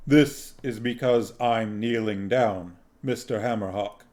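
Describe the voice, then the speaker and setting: A man reading aloud, voicing Death as a calm, formal skeletal reaper in a slow, measured, solemn way. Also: lowish voice. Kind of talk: audiobook reading.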